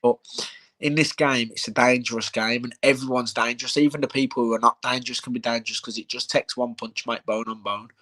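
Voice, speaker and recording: A man hosts a casual live chat, brash and matey, swearing freely as he talks fighting. His voice is ordinary in pitch for a man, loose and conversational. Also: fairly even intonation, fairly quick, pushed and bright, poor audio. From England. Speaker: bare-knuckle fighter, show host.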